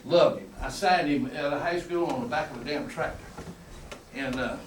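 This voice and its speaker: At a coaching clinic, an older man with a fairly high voice speaks at normal speed, spinning vivid, emphatic football stories and chuckling as he goes. The distant mic gives a roomy sound with faint background noise in this folksy lecture.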